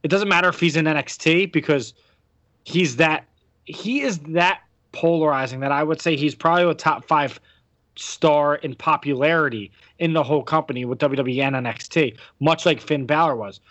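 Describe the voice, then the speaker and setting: The voice belongs to an American man hosting a podcast about wrestling, rambling casually and restarting often amid lots of fillers. It's on the high side and fairly bright, delivered at normal speed. There's no room sound.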